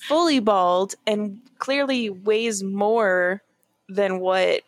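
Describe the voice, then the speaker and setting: A woman's voice: medium pitch, extremely slow, no echo. A woman chatting casually as a podcast co-host, enthusiastic and laughing along. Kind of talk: casual chat.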